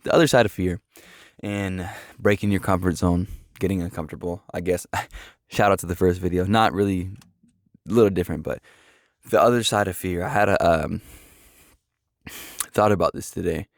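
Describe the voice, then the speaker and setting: A man with a lowish voice talks straight to his viewers in a loose, rambling, earnest way. He fills his sentences with ums and uhs while encouraging people, and the sound is dry and close. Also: fairly even intonation, moderate pace, pauses often, dry recording. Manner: rambling, filler-heavy, earnest. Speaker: vlogger. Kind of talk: casual motivational talk.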